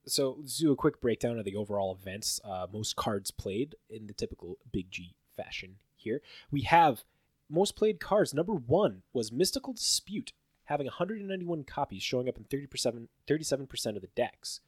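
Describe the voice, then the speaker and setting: A man's voice: mid-range voice, brisk, husky, no room sound, clean studio sound. A man co-hosting a podcast, chatting casually and rambling through card game stats with lots of fillers. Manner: rambling, filler-heavy, animated when listing stats. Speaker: podcast co-host. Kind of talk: casual chat about card game results.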